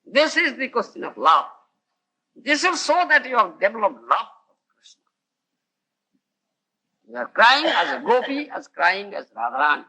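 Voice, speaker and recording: A man's voice: very high-pitched, sing-song, moderate pace, long pauses, bright, forceful tone, low-quality recording. A man with an Odia accent giving a devotional lecture, often laughing and asking his listeners whether they understand, on an old tape recording. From India. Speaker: spiritual teacher.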